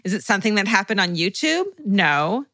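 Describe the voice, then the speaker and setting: Female podcast co-host, bright and lively, reads listener stories, dry close mic. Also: medium pitch, brisk, no echo. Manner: animated, laughs and tears up while reading. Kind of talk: casual chat, reading listener stories.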